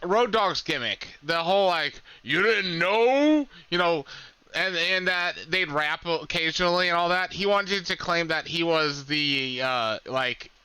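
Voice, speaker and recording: A male podcast co-host tells stories in a chatty way, trailing off and starting over. His voice is very bright and clear, pitched a bit high for a man, and recorded dry and close. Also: unhurried, hardly any pauses, dry recording. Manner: chatty storyteller, trails off and restarts. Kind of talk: casual podcast chat.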